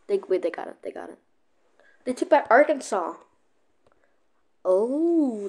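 A woman giving casual, excitable gameplay commentary, often breaking off mid-sentence to react. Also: fairly high pitch, unhurried, pauses often. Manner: excitable, keeps cutting herself off with "wait". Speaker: gaming video creator.

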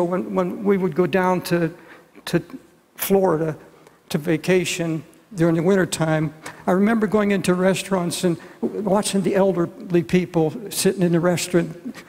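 Older pastor preaching with a gravelly voice. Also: male voice, high-pitched, a little mellow, long reverb tail. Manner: earnest, pleading. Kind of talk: sermon.

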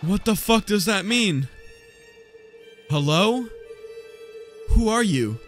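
A man's voice: high voice, expressive, takes it slowly, soft background music. A man casually commenting as he plays a horror video game, joking, swearing and reading lines aloud. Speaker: gaming streamer. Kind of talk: casual let's play commentary.

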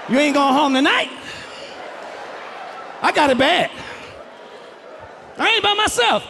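A man doing a stand-up comedy routine on stage before a live audience, loud and profane, yelling his punchlines. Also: very high-pitched. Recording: live crowd, noisy hall.

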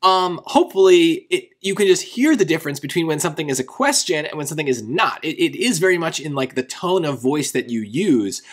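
A man's voice: a little high, animated, a little fast, few pauses. A man tutoring for a test, explaining a grammar question in a loose, conversational way, often checking in with "right?". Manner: conversational, rephrases often, asks "right?" for agreement. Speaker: SAT tutor.

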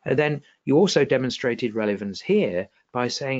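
An exam tutor runs an online revision webinar, animated and frequently asking the class whether things make sense. His voice is medium in pitch and moves at a moderate pace. The high frequencies are cut off.

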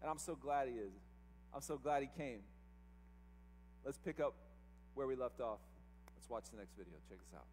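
A man preaching a sermon as pastor, animated, acting out quoted voices to tell the story. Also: mid-range voice, normal speed, long pauses, long reverb tail, slight background noise. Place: church sanctuary.

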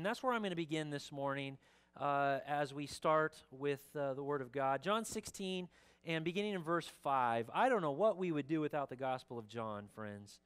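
A pastor giving a Sunday sermon in a church, reading scripture earnestly and making casual asides with fillers. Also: male voice, medium pitch, clean tone. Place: church sanctuary.

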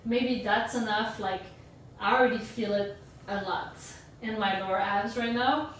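A woman's voice: medium pitch, measured pace, slight background noise. Chatty woman dance coach, echoey room. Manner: relaxed, chatty coaching with self-deprecating jokes. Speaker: dance instructor. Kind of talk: online workshop instruction. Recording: roomy echo, distant from the mic.

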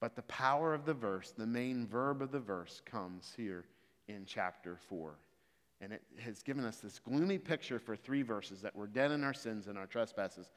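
A man preaching a sermon, moving from calm explanation of scripture to loud, emphatic exhortation. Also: lowish voice, normal speed. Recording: reverberant hall.

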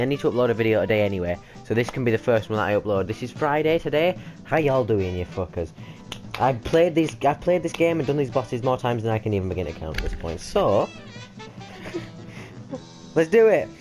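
A man's voice: medium pitch, sing-song, fairly quick, faint music behind. A young British man swearing and joking as he hosts a let's-play of a cartoon game. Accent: British English. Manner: crude, jokey, loud. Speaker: gaming channel host.

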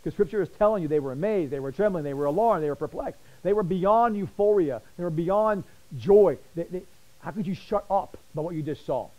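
Guy teaching bible study, talks fast and fired up, kinda high but mellow voice. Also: lo-fi sound. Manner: animated, fast-talking, repeats words when excited.

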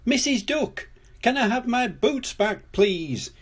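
Little piglet girl, boastful and whiny, high and bouncy, as a grandad reader puts her on. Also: animated, slow pace, husky, full character voice. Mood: upset. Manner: boastful, whiny childlike pitch. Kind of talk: storybook read-aloud.

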